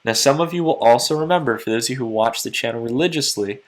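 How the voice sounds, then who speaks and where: A man hosting a crypto market commentary channel, talking quickly and earnestly to his viewers late at night, a little tired. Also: mid-range voice. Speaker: crypto market analyst host. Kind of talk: casual market commentary to camera.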